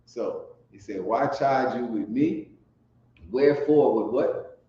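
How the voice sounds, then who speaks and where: A man preaching on the street, profane and fiery, teaching from scripture and swinging from mutters to shouts. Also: mid-range voice, slow. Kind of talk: street sermon with scripture reading. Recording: roomy dull lo-fi recording with faint noise.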